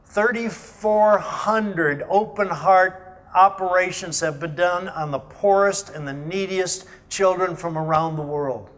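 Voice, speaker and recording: A man giving a talk at a networking meeting, telling a personal story in an animated way and acting out what other people said. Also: sits high, slow. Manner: animated anecdotal storytelling, quotes others in voices. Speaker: guest speaker. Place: meeting room at a business networking breakfast.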